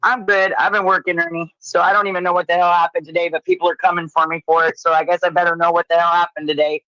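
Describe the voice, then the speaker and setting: A woman's voice: fairly low pitch, flat delivery, quick pace, a bit bright, no echo. A woman co-hosting a casual livestream chat, blunt and profane, teasing her co-host. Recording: dull lo-fi stream audio.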